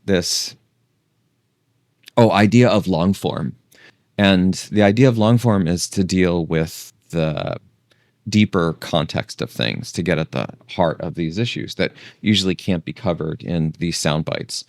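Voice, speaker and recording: A man hosting a casual long-form talk, meandering and thinking out loud, sometimes losing his thread. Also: sits low, unhurried, vocal fry, dry recording, studio quality. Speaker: host.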